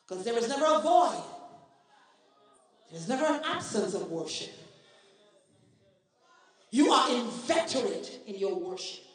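A high-pitched man with a Trinidadian accent preaches a passionate sermon, calling on the congregation to respond. His voice rings through a big, echoing church hall with a long reverb tail, and he sounds far from the microphone. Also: sing-song, measured pace, long pauses. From Trinidad and Tobago. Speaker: guest preacher.

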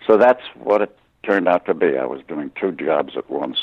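An older man telling stories in an interview, halting with many fillers and restarts, wry in tone. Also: very deep voice, expressive, breathy edge, dry recording, phone-quality sound. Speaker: interview guest, voice actor. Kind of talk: storytelling interview.

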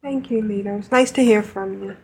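A woman's voice: medium pitch, a little fast, dark tone, a little hiss or hum. A woman co-hosting a casual podcast, giggly and playful. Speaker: podcast co-host.

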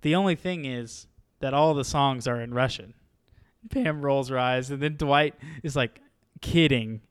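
A man in casual chat with a friend, excitedly retelling sitcom scenes and acting out the characters' lines. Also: mid-range voice, moderate pace, clear, resonant tone, no echo, studio quality. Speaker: podcast co-host.

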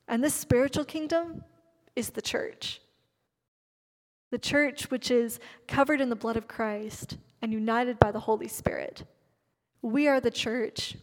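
A woman preaching a sermon, slowing down to stress key words. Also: on the high side, in a large hall. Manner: emphatic, stresses key words with slowed delivery.

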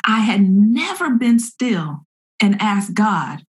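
A middle-aged woman speaking as a guest in a candid conversation, earnest and expressive, sometimes acting out her own inner thoughts. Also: mid-range voice, takes it slowly.

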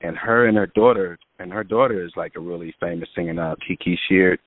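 Deep-voiced man telling a story over a tinny line. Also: fairly quick, no room sound. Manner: animated storyteller, acts out quotes, lots of fillers. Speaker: music producer guest. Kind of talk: casual storytelling in an interview.

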